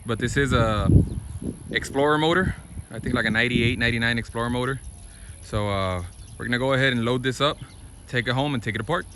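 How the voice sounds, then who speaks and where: A man's voice: mid-range voice, brisk, noisy background. Laid-back man vlogging in his garage. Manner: laid-back, rambling, repeats "gonna go ahead". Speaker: car build vlogger. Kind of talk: casual garage vlog.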